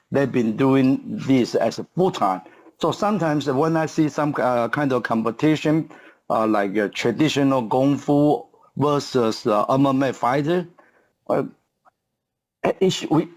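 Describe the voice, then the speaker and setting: Halting man in his fifties, English. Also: medium pitch, lively intonation, darkish tone. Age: 50s. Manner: halting, searches for English words with many fillers and restarts. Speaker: guest, martial arts coach. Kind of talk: podcast interview.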